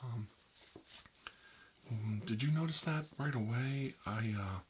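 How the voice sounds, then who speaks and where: A man playing a nervous male doctor in a soft-spoken ASMR role-play, rambling and filling his talk with "like" and "you know.". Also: medium pitch, slow, a little hiss or hum, lightly acted. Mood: uneasy. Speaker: doctor examining a patient.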